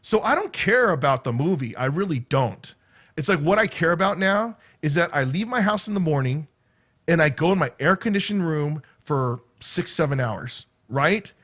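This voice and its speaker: Middle-aged guy vlogging, kinda high voice, rambles on and keeps asking right? okay?. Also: a bit bright. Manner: rambling, chatty, full of "right?" and "okay?" asides. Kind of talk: casual rambling chat to camera.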